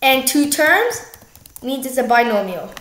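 Young female tutor with a high voice and a relaxed, self-correcting delivery, recorded in a reverberant room. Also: slight background noise. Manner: slow, self-correcting, jokey. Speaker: math tutor. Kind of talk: casual math walkthrough. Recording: echoey room.

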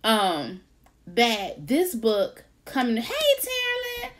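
A woman hosting a casual faith-based livestream, lively, laughing often and greeting viewers by name. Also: a little high, slow pace, noisy background. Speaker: author and livestream host.

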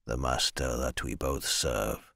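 A man playing a devoted lizard-man soldier from a fantasy audiobook, deep and rumbling with a breathy edge. He speaks formally and dutifully, with plain respect for the one he serves. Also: steady tone, takes it slowly, bright, forceful tone, dry recording, clean studio sound, exaggerated voice. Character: loyal rumbling male lizard-man warrior.

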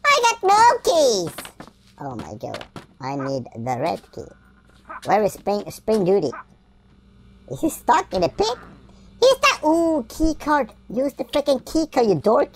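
Playful woman gamer with lively pitch. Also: a little slow, gravelly, slight background noise. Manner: silly, playful, trash-talking the game character. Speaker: gaming YouTuber. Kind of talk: playthrough commentary. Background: game music.

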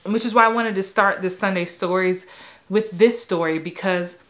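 A woman in her forties from New York tells stories about growing up in her own vlog. She talks in an animated way and laughs easily. Now and then she breaks into the voices of people from her memories. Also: medium pitch, moderate pace. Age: 40s. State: a little emotional. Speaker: acting coach. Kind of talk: personal storytelling vlog.

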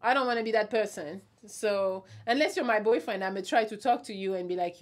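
Reading out viewer comments on her casual live stream, a young adult woman fires back blunt, teasing replies and laughs a lot. She talks a little fast with few pauses, in a medium-pitched voice.

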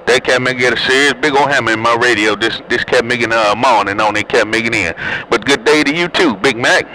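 A man's voice: medium pitch, a little fast, sharp tone, rough recording. A man chatting and teasing other drivers over a CB radio in slangy, joking banter. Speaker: CB radio operator. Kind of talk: casual CB radio chat.

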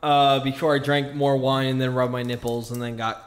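A man's voice: medium pitch, level tone, normal speed. A man co-hosting a casual book-club podcast, tipsy and goofy, slipping into silly accents. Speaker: podcast co-host. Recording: echoey room.

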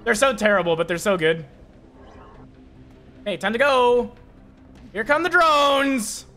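Male streamer, high and bright tone, slow easygoing talk broken by excited shouts. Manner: excitable, swears often, shouts at enemies. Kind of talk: live gameplay commentary.

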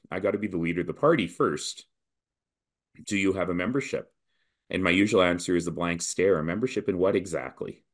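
Canadian guy running for party leader, really deep voice, punchy persuasive podcast talk. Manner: animated, persuasive, campaign-style delivery with rhythmic repetition. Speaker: political leadership candidate. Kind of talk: podcast interview.

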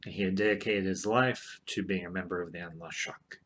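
A man's voice: sits low, fairly even intonation, brisk, fairly bright tone, slight background noise. A man casually retelling a TV storyline, rambling with many fillers and restarts. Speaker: show commentator.

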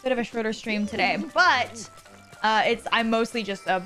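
Brief: giggly, jet-lagged young woman streamer, bright higher voice, casual chat. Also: moderate pace, soft background music. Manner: chatty, giggly, says y'all. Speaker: game streamer.

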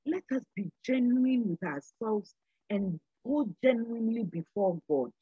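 A woman's voice: on the high side, lively intonation, measured pace, slightly rough, dry recording, phone-quality sound. An older woman speaking as a guest on a church program, giving an earnest, sermon-like exhortation and repeating phrases for emphasis. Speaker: panel guest.

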